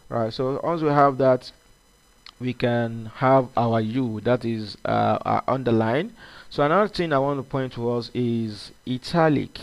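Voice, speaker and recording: A man's voice: medium pitch, gravelly. A man teaching a coding lesson at his computer, talking loosely with many fillers and restarts. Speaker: coding instructor. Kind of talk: screen-recorded coding tutorial.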